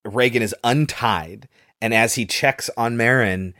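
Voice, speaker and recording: A man's voice: mid-range voice, measured pace, sharp tone, no room sound, studio quality. A man casually retelling a film scene by scene, with loose fillers along the way. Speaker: podcast host recapping a film.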